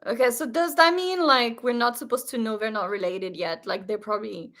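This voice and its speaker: A woman hosting a casual live stream, talking in an excitable, gushing way with lots of fillers. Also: fairly high pitch, fairly quick. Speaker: live stream host reacting to a series. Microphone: webcam setup.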